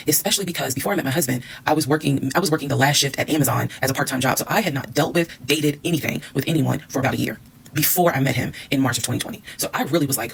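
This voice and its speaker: A woman rattles through a personal storytime at breakneck speed. Her voice has a gravelly fry, and she is blunt and candid, swearing freely. She acts out the back-and-forth of old arguments as she goes. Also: low-pitched, fast talker, slight background noise, low-quality recording. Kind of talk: storytime monologue.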